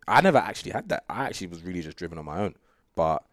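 Deep-voiced young man. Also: very fast, no echo, clean studio sound. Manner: relaxed, rambling, full of fillers and laughs. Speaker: guest sprinter. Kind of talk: casual interview chat.

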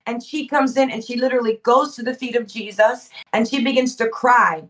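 A woman preaching with fervor, repeating phrases for emphasis and rising to shouts. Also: on the high side, a little fast, far from the mic. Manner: fervent, emphatic repetition, swells to shouting. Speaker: guest preacher. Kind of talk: impassioned preaching.

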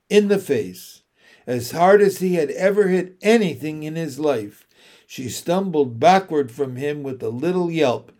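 A man narrating a children's novel in slow, deliberate, emotional storytelling. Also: a little high, warm tone. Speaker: audiobook narrator.

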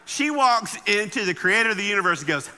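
A high-voiced man preaches with humor, acting out the characters in his stories. His tone is very bright and forceful, and the sound carries a long hall reverb. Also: fast, slight background noise. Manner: animated, acts out the people in his stories. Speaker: guest speaker. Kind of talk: humorous sermon storytelling.

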